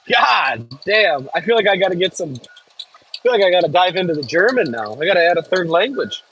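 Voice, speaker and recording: American man, animated up-and-down voice, casual live-stream chatter, cursing at bumps, faint outdoor hum behind. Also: high-pitched, normal speed, long pauses, rough recording. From United States. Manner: chatty, reads viewer chat aloud, swears when jolted. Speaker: livestreaming equipment operator. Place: cab of a heavy machine bouncing over frozen ground outdoors.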